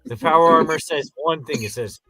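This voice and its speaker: A man co-hosting a casual review podcast, retelling scenes in an animated way and acting out the characters. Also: a little high, fairly quick, faint music behind. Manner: animated storyteller, acts out scenes. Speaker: podcast co-host.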